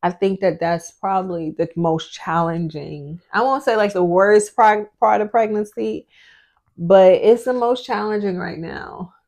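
A woman's voice: medium pitch, a little slow, vocal fry, darkish tone. Candid chatty pregnant woman. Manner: candid, chatty, with many "like" fillers. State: pregnant, often out of breath. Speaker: family channel vlogger. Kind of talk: casual sit-down chat with husband.

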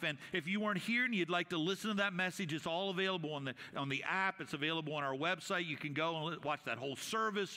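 A man's voice: high voice, sharp tone. A man preaching a conversational sermon as senior pastor, with frequent fillers and restarts. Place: church sanctuary. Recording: reverberant church hall.

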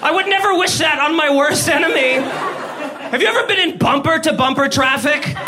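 Male stand-up comic, very high and excitable, shouting punchlines over crowd laughter in a noisy club. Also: fairly quick, music in the background. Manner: animated, swearing, frequent laughs and shouted punchlines. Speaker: stand-up comedian. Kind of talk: stand-up comedy set. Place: comedy club stage before a live audience. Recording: live club room with audience laughter.

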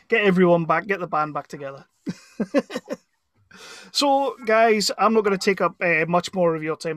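A man's voice: fairly high pitch, fairly bright tone, dry recording, studio quality. A man hosting a podcast interview over a video call, enthusiastic and jokey, laughing often. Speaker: podcast host. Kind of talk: casual interview chat.

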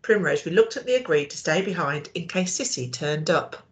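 A woman teacher reading a storybook aloud to young children, expressive and asking them questions. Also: deep voice, normal speed.

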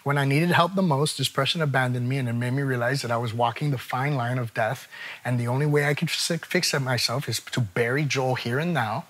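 A man telling a long story as a guest, animated and profane in a casual chat. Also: medium pitch, brisk.

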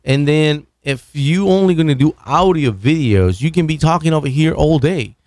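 A man hosting a video, casually demonstrating microphones at his home studio desk and talking in a loose, halting way with many restarts. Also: on the high side, darkish tone, dry recording. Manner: loose, halting talk with many restarts while moving around the mic. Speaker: video host reviewing microphones. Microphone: broadcast microphone on an arm, at varying distance.

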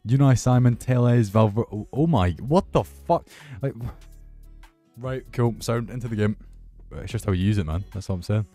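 A young man commentating his football video game with excitable, sweary banter. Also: lowish voice, normal speed, soft background music. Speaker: gaming YouTuber. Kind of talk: casual gameplay commentary.

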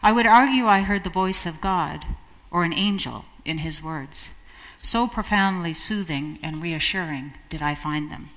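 A woman's voice: on the low side, a bit bright. Reflective woman preaching in a reverberant church. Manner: measured and reflective, slowing for emphasis. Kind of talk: sermon.

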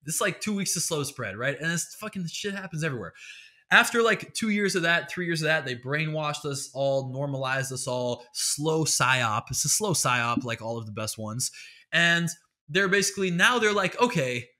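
A man's voice: on the high side, expressive, moderate pace, pushed and bright. A man hosting a podcast who delivers a rambling, exasperated comic rant full of profanity. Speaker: podcast host. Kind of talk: comedic solo rant.

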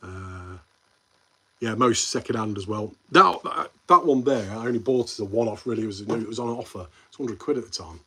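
A man's voice: lowish voice, moderate pace, bright, forceful tone, slightly rough. A man with a Midlands English accent hosting a casual live stream, rambling and answering viewers' comments, calling them mate. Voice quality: friendly banter with viewers, calls them mate.

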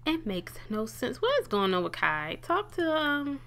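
A woman's voice: a little slow, slight background noise. Young woman, casual gameplay commentator, talkative, talks back to the screen. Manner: chatty, talks to the game characters, bursts of excited high pitch. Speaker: let's play gamer.

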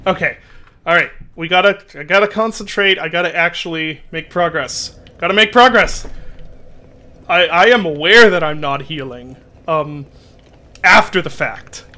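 A man's voice: on the high side, normal speed, bright, forceful tone. A man with an unusual, odd-sounding voice, chatting in a rambling, self-deprecating way while streaming a game and exclaiming at his mishaps. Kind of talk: casual chat while playing a game.

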